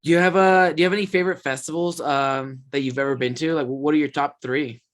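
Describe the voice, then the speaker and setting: Casual podcast guy from the West Coast with a slightly high voice; loose, filler-heavy storyteller who curses freely. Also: steady tone, fast.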